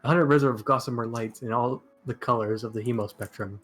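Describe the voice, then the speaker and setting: A man's voice: mid-range voice, steady tone, quick pace, fairly bright tone, soft background music. A man reading the narration aloud in a casual fan read-along, sometimes tripping over words.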